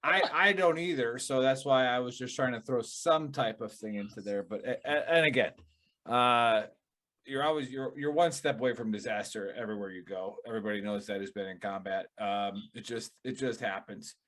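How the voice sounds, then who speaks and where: A man with a Wisconsin accent hosting a casual chat show, rambling and animated with lots of fillers. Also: medium pitch, normal speed. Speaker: podcast host.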